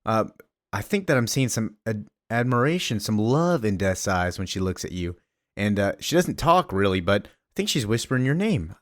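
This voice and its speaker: Wolverine the schemer, put on by a man, low and coaxing. The delivery is casual and persuasive. The room is dry and close. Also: big pitch swings, moderate pace, no echo. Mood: scheming. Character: sly male Wolverine whispering schemes.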